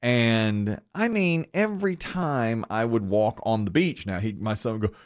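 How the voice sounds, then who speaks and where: A middle-aged man co-hosting a morning radio show, telling a family story with lively laughter. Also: medium pitch, measured pace. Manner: animated storytelling, laughing at his own story. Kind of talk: casual morning show chat.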